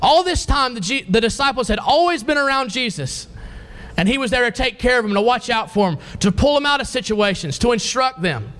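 A man with a high-pitched voice preaches a sermon. He reads scripture aloud and keeps asking the congregation questions. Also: sing-song, brisk, fairly bright tone.

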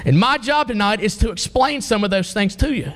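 A man's voice: high voice, animated, fairly quick, a bit bright. A man preaching a sermon to a congregation, reading scripture and asking the listeners pointed questions.

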